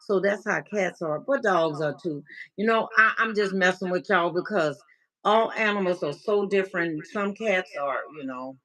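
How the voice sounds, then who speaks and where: A woman's voice: on the low side, moderate pace, a bit bright, rough recording. A woman life coach hosting a casual livestream check-in. She is playful and chatty, answers viewers by name, calls them baby and mixes in encouragement and faith talk.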